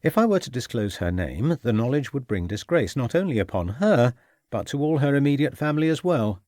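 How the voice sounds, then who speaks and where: A man's voice: medium pitch, very animated, brisk, a little mellow, no room sound, clean studio sound, natural voice. A man reading an audiobook, voicing a nervous, defensive middle-aged male suspect who protests and evades. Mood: evasive. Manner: agitated, protesting, evasive.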